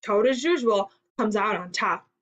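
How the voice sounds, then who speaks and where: Boastful male toad for a storybook read-aloud, excitable and self-admiring, done by a woman narrator, muffled recording. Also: mid-range voice, unhurried, natural voice. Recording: dull lo-fi recording.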